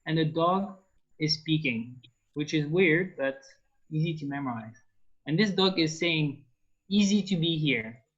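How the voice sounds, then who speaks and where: A man's voice: on the high side, unhurried, fairly bright tone, slightly rough. A man with a French accent teaching an online language lesson, explaining patiently with many fillers. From France. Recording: dull lo-fi call audio.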